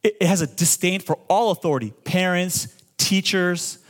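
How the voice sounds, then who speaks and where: A forties-aged male pastor preaches with vigor and lots of call-and-response, tripping over and repeating words in excited moments. His voice sits high, with a normal speaking speed.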